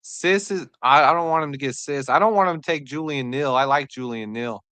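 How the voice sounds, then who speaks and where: A woman hosting a live draft reaction stream, excitable and joking, answering chat as she goes. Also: low voice, brisk, dry recording.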